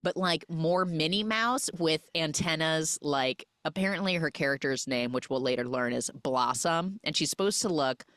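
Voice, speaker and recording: In a studio-quality recording with no room sound, a woman hosting a podcast gives an animated, casual recap of a film's plot, peppering it with "like." Her low-pitched voice moves at normal speed with few pauses.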